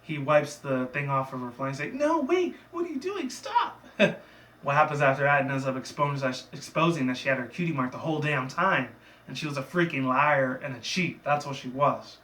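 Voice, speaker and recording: A man's voice: mid-range voice, fairly even intonation, a little fast, pushed and bright, recorded from a distance. A man casually recapping a cartoon episode in a rambling, loose way, with profane asides. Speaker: reviewer. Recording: echoey room, away from the mic.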